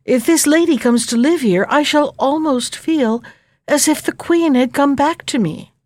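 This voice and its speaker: A woman's voice: high-pitched, measured pace, a little mellow, no echo, voice pushed up. A woman voicing a pleading young princess. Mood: wistful. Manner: eager, imploring.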